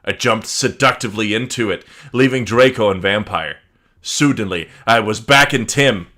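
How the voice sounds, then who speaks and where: A man hosting a comedy podcast, reading fan fiction aloud theatrically with deadpan asides. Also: on the low side, moderate pace.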